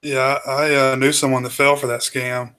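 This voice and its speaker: Bright-voiced man in blunt banter. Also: medium pitch, level tone, normal speed, clean tone. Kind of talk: casual chat.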